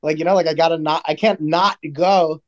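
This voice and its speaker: A man co-hosting a podcast in casual chat, talking in a relaxed, rambling way with lots of "like". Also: a little high, a little fast. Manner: relaxed, rambling with many "like" fillers. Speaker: podcast co-host.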